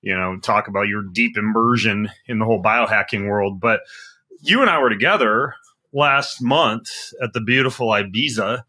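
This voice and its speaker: A man's voice: on the low side, moderate pace, sharp tone. A middle-aged man hosting a podcast interview, casual and joking, rambling with fillers. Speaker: podcast host.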